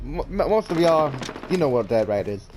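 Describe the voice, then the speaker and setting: A man's voice: a little high, very animated, moderate pace. A young man telling a casual story-time tale, rambling with many restarts and repeated words. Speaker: vlogger. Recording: noisy background.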